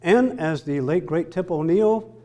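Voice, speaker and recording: A man's voice: on the high side, unhurried, dark tone. A middle-aged man giving a joking, emphatic lecture to military students, often asking his listeners rhetorical questions.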